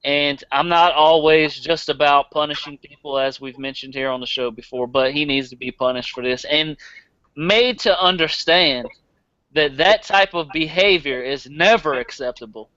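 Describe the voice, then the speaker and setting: A man's voice: on the high side, moderate pace, bright, forceful tone, no echo, dull audio. A man with a Southern accent hosting a casual podcast, blunt and profane, laughing easily. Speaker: podcast host.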